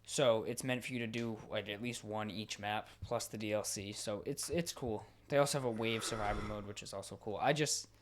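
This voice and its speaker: This man co-hosts a podcast with an easy, casual delivery. He gets worked up quickly and swears freely. His thoughts come out in rapid, excited bursts. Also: on the low side, background noise. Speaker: podcast co-host. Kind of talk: casual chat about video games.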